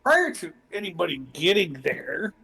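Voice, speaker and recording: A man playing a tabletop role-playing game, slow and deliberate. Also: sits high, big pitch swings, creaky, pushed and bright, husky.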